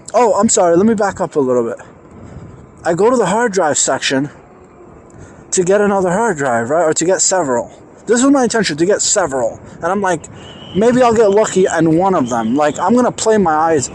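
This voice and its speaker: A man telling a personal story in an animated, emphatic way, acting out the dialogue. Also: high voice, a little hiss or hum. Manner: excited, emphatic, acts out quoted dialogue.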